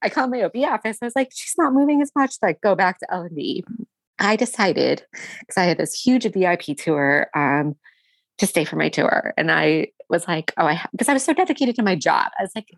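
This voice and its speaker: A young woman guest shares a personal story in candid conversation, her low-ish voice recorded dry and close with no echo. She's expressive and emotional, with vocal fry, speaking in halting bursts full of fillers, restarts, and quotes of her own words.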